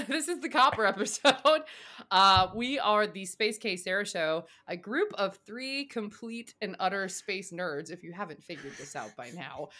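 A woman's voice: mid-range voice, expressive, moderate pace, sharp tone. A tired woman hosting a podcast, chatting casually and rambling, laughing often. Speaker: podcast host. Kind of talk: casual chat.

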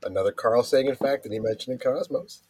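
A man's voice: mid-range voice, quick pace, darkish tone, husky. A man co-hosting a podcast in casual chat, talking in a playful, jokey way. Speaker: podcast co-host.

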